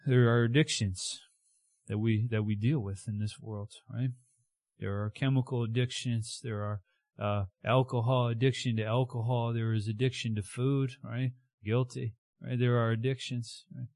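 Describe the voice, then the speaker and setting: A man preaching a conversational, animated sermon who keeps checking in with his listeners. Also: medium pitch, moderate pace, dry recording, studio quality.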